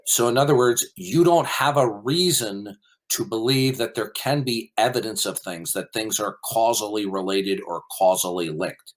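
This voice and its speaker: A man's voice: fairly low pitch, fairly bright tone. Combative man grilling a caller. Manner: combative, interrupting, repeats questions insistently; lecturing, emphatic. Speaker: debate host. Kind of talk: heated online voice-chat debate.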